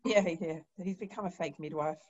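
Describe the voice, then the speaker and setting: A woman's voice: sits low, a little fast, a little mellow, muffled recording. A woman midwife speaking frankly and a little hesitantly about a hard week at work. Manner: frank, hesitant, many fillers. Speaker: midwife and podcast guest. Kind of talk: casual chat.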